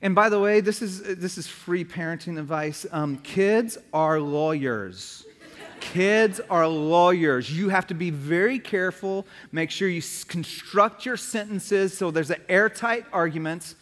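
A man's voice: high voice, measured pace, fairly bright tone, big-room sound. A man in his thirties, a pastor, preaching a sermon full of humorous stories. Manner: humorous storytelling.

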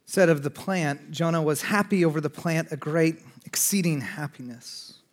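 Guy preaching w a fairly high voice, gets loud and urgent then drops real quiet, chatty. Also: moderate pace. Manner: swings between urgent raised passages and hushed, quiet asides; conversational, with fillers and restarts. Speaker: pastor. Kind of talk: sermon.

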